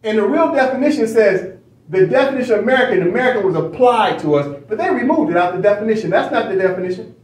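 A man's voice: high voice, animated, fast talker, reverberant, far from the mic, rough recording. A man leading a study session, lecturing emphatically with repeated phrases and rhetorical questions. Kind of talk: lecturing while reading from a screen.

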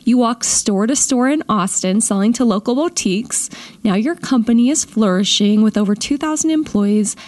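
A woman's voice: a little high, normal speed. A woman hosting a podcast interview, affirming her guest and asking heartfelt questions. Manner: warm, affirming interviewer with soft reactions. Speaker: podcast host.

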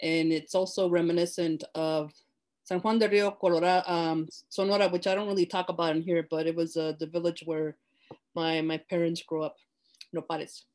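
A woman's voice: on the low side, level tone, moderate pace, a little mellow. A woman poet reading her own poem aloud over a video call, building intensity as she reads. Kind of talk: poetry reading.

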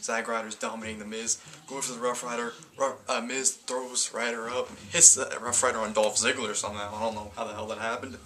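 Bright-voiced man rambling through a review. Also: medium pitch, level tone, a little fast, few pauses. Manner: rambling, stumbling, self-correcting. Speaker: wrestling event reviewer. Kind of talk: casual video review.

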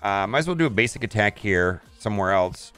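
A man's voice: on the low side, animated, a little fast, a bit bright, clear, resonant tone, faint music behind. A man casually commenting on his mobile game as he plays, thinking aloud and restarting his sentences often.

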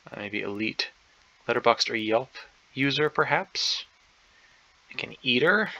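A man's voice: medium pitch, expressive, measured pace, bright, forceful tone. A man thinking aloud as he solves a crossword, hesitant and unsure, full of ums and second guesses, on a dull lo-fi recording. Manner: hesitant, unsure, many ums and self-doubts. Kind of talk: thinking aloud while solving a puzzle.

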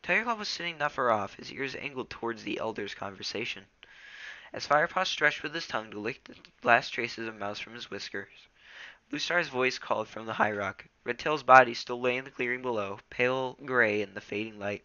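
A teenage boy reading a novel aloud in a casual way, often tripping and correcting himself. His voice is very bright and sharp. The recording is dull and lo-fi, close and dry. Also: mid-range voice, animated, moderate pace, no room sound. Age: teens. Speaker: reader.

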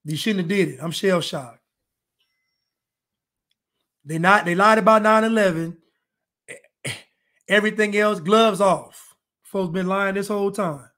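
High-voiced joking podcast host man. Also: unhurried, pauses often. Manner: animated, joking, repeats himself. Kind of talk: casual live-stream chat.

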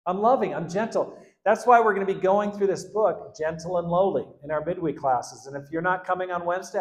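A man preaching a sermon as pastor, animated, swinging between loud outbursts and quiet asides and acting out the quotes. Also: high-pitched, reverberant. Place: church hall.

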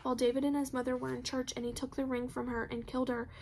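A woman's voice: sits high, little pitch movement, quick pace, darkish tone, a little hiss or hum. A woman voicing an anxious teenage girl who talks in a shaky, stammering way.

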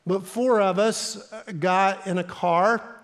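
A middle-aged pastor with a Midwestern accent, telling a story in a sermon in an earnest, halting way with fillers. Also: male voice, high voice, steady tone. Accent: American Midwestern. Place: church sanctuary. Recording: long hall reverb in a church.

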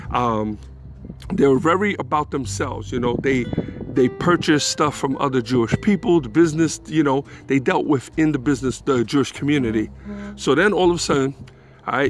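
A man telling a rambling, profane personal anecdote in a casual, animated way. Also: mid-range voice. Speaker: storyteller.

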